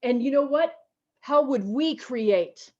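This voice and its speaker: Woman pastor preaching real slow and emotional, kinda high voice, muffled video call sound. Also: animated, darkish tone. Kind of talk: sermon. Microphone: video call mic.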